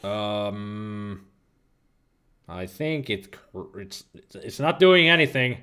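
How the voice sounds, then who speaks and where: A man's voice: on the low side, lively intonation, takes it slowly, sharp tone, clear, resonant tone. A man giving casual, joking gameplay commentary, rambling and swearing freely, with game music playing behind. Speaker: let's play commentator.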